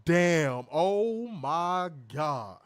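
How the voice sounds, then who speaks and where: A man co-hosting a casual wrestling review podcast, animated, swearing freely and laughing often. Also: a little high, very slow, a little hiss or hum. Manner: animated, profane, laughs a lot. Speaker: podcast co-host.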